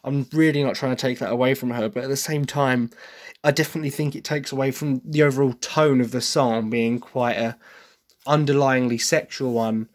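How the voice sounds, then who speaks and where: An English podcast host, reviewing a musical in casual solo commentary, talks through his opinions in a brisk, steady, medium-pitched voice. He is chatty and hesitant with many restarts, now and then breaking into sung impressions.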